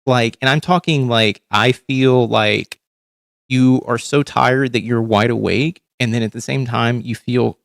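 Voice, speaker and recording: A man's voice: mid-range voice, steady tone, unhurried, creaky, fairly bright tone, no room sound, clean studio sound. A man hosting a livestream from home, ranting in casual, profane commentary, tired and overcaffeinated. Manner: rambling, profane, exasperated ranting. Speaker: livestream host.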